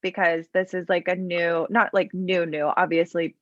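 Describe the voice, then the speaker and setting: A woman's voice: fairly low pitch, level tone, normal speed, no room sound, muffled recording. A woman hosting a podcast, speaking casually and reflectively, with some hesitation. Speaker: podcast host. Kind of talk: casual chat.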